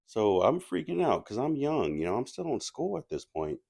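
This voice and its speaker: A man's voice: mid-range voice, sing-song, normal speed, creaky, darkish tone, husky. A man casually telling a personal story as a movie reviewer, rambling with restarts and asides.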